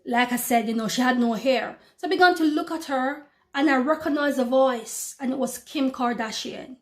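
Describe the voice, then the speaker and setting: A woman's voice: sits high, normal speed. A woman giving a spoken religious testimony in an earnest, repetitive way, calling her listeners brothers and sisters.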